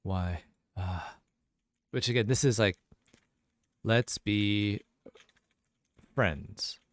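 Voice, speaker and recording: A man's voice: lowish voice, very slow, no echo, clean studio sound. A man teaching a casual live-streamed language lesson, chatting loosely and answering viewer questions as they come in. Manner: casual, chatty, reads chat questions aloud.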